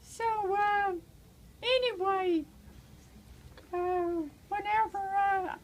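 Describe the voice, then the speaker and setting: An older woman, an evangelist, telling her personal testimony in a halting way with many pauses and fillers, turning tearful in places. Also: extremely high pitch, steady tone, a little hiss or hum, poor audio.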